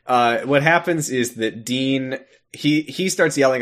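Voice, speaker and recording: A man's voice: mid-range voice, measured pace, fairly bright tone. A man co-hosting a podcast, recapping a TV episode in casual chat with a sarcastic, exasperated manner and some swearing. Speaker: podcast co-host.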